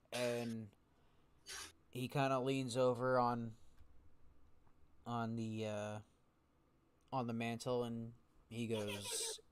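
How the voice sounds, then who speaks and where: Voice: mid-range voice, slight background noise. A game master narrating a tabletop game, rambling and repeating words.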